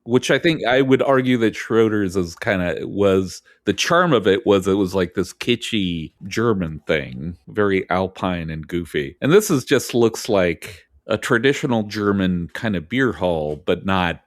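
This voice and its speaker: A man's voice: low-pitched, measured pace, few pauses, no echo, clean studio sound. A man co-hosting a podcast, chatting casually, telling stories with lots of laughter and playful voices. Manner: animated storyteller, laughs often, breaks into silly voices. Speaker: podcast co-host. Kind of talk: casual chat.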